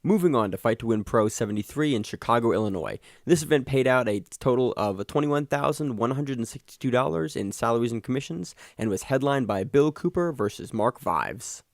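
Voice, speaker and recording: A man's voice: mid-range voice, lively intonation, a little fast, creaky, hardly any pauses, no echo, clean studio sound. A man co-hosting a casual sports podcast, teasing his partner with wry remarks. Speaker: podcast co-host.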